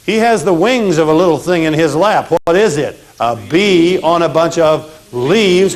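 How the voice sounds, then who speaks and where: Animated man teaching with punny rhymes. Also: high voice, moderate pace. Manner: animated, punny, repeats phrases with the audience. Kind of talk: memory lesson with pictures.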